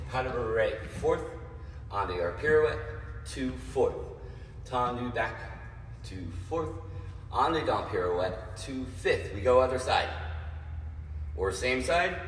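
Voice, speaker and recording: A man's voice: mid-range voice, a bit bright, a little hiss or hum. A man teaching a streamed ballet class from home, counting out steps and checking in with his students. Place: home room, dancing away from the camera. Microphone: phone or camera mic from across the room. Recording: roomy, distant, with piano music. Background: piano music playing.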